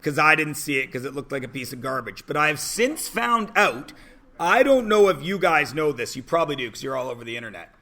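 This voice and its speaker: A high school math teacher in his forties gives a classroom lecture, chatty and joking with his students. His voice is a little high, pushed and bright, very animated and fairly quick.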